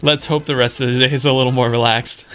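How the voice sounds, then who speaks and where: A man's voice: medium pitch, fairly even intonation, fast, a bit bright, soft background music. A young man narrating a game let's play, laughing often and mocking his own reading. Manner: giggly, self-mocking. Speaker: gaming video creator.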